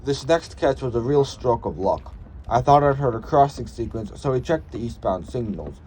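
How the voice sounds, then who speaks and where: A man giving calm, matter-of-fact voice-over narration for his own railfan vlog. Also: medium pitch, moderate pace. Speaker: railfan vlogger. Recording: noisy recording.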